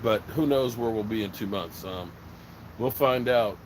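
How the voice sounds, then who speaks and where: A man's voice: fairly low pitch, moderate pace, background noise. A man from Virginia hosting a casual live stream, talking bluntly and rambling, swearing freely. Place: outdoors by a smoker fire.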